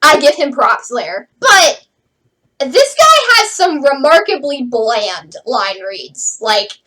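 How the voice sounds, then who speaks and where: A woman reviewing a show in a casual, sarcastic way, her high voice swooping up and down as she goes. She has a bright, sharp tone and keeps dropping "like" into her sentences. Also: sing-song, takes it slowly, a little hiss or hum, low-quality recording. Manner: chatty, sarcastic, lots of "like" fillers. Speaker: host reviewing a TV series.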